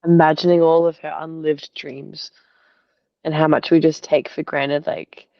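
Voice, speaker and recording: A woman's voice: deep voice, little pitch movement, unhurried, vocal fry, no echo. A young woman from Australia telling a personal story in a casual, rambling way, full of fillers, on a video call. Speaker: artist sharing in a group call. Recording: dull, lo-fi video call audio.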